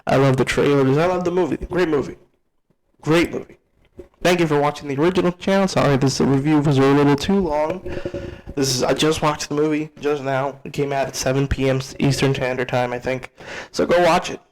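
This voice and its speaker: A young man talks through a movie review in a loose, unscripted way, pitched a little higher than most men. He is blunt and excitable, stacks up repeated words when he gets worked up, and swears without a second thought. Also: a little fast, poor audio. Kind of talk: casual spoken movie review.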